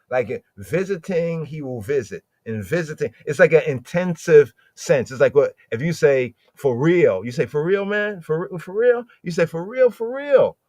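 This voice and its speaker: A man talks through scripture like a casual podcast host, circling back and repeating key words to stress them. His voice sits at a middling pitch, and it is recorded dry and close, with almost no room sound. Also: a little mellow, dry recording. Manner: conversational, repeats Hebrew words for emphasis, many fillers. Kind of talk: casual Bible teaching talk.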